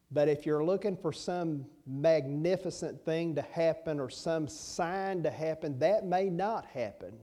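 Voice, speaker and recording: A man delivers a sermon in a folksy, conversational way. He speaks at an unhurried pace, with a warm, mellow tone. He repeats his key lines and throws rhetorical questions at the listeners. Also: fairly high pitch. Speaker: pastor.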